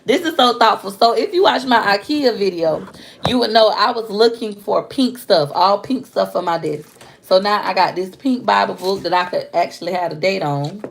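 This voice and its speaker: A woman's voice: medium pitch, normal speed, vocal fry, slight background noise. A young woman chatting casually to viewers as she opens fan mail at home, filmed on a propped-up phone. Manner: chatty, playful, talks to viewers while unboxing. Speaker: vlogger opening fan mail. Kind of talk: casual chat. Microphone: phone propped on a stand.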